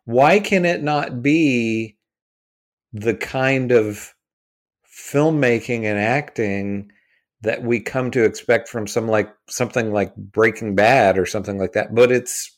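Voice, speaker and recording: A man's voice: medium pitch, takes it slowly. A man discusses films in a loose, rambling way. He hedges, restarts his sentences, and checks in with his listener. His voice sits in a plain middle range. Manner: rambling, hedging, restarts, keeps asking "you know what I mean". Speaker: podcast co-host. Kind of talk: casual film discussion.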